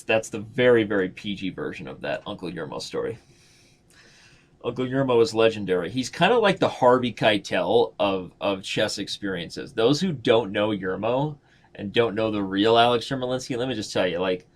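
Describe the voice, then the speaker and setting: A man streaming blitz chess and commenting on his own moves in a playful, slangy way. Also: on the low side.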